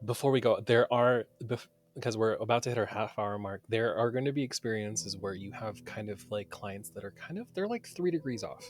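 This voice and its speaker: A man co-hosting a podcast, chatting casually as a tarot reader, expressive and swearing, with many fillers and restarts. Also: fairly low pitch, a little fast, hardly any pauses, soft background music. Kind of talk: casual chat.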